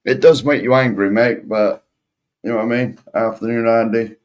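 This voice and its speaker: A man's voice: medium pitch, fairly even intonation, moderate pace, highs cut off. A man, a guest in a casual football chat, talking in laid-back sweary banter.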